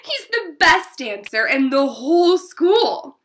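Storybook little sister, a young girl, shrill and indignant, voiced by a woman reading to a class, bright tone. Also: expressive, unhurried, heavily acted. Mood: excited. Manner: shrill, protesting.

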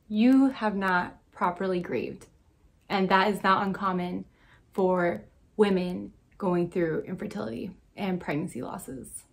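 A young adult woman talking to camera in a casual vlog, earnest and supportive, speaking directly to her viewers. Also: medium pitch. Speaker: vlogger sharing personal experience.

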